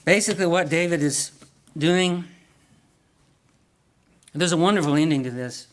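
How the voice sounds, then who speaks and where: A man's voice: fairly high pitch, a little slow. A man preaching a sermon in an earnest way, asking the congregation questions and often repeating or restarting words.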